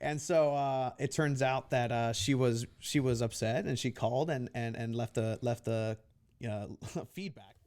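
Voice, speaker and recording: A man's voice: medium pitch, unhurried, a little mellow. A man hosting a podcast interview, chatting casually and rambling, often repeating words as he stumbles over his sentences. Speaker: podcast host.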